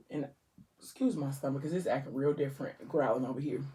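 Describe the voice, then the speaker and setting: A dark, rumbling low female voice moves along fairly quickly, picked up from a distance with slight hiss or hum. The speaker, a book vlogger, eats while casually retelling a novel's scenes and loosely voicing the characters through "he was like" and "she was like."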